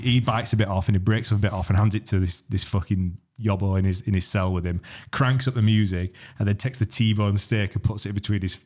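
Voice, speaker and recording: Deep-voiced man rambling casually. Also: a little mellow. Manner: rambling, swears freely, many restarts. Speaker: podcast host. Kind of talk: casual podcast chat.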